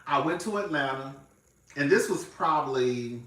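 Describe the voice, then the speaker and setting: A man chatting casually to camera as a reality TV reviewer. He calls everyone "girl", swears freely and swings between loud and hushed. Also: mid-range voice, lively intonation, normal speed, recorded from a distance. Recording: echoey room, voice off-mic.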